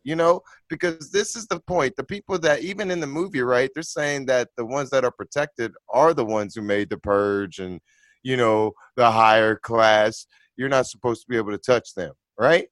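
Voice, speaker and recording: A man's voice: mid-range voice, moderate pace, fairly bright tone, no room sound. A man in casual group chat, rambling and restarting his sentences. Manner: rambling, many restarts and "I'm just saying".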